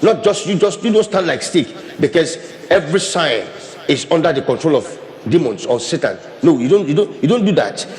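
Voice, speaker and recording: Animated preaching man in a reverberant hall. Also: a little high, normal speed. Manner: animated, repeats and restarts phrases, demonstrates with hands. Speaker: pastor. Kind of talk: sermon.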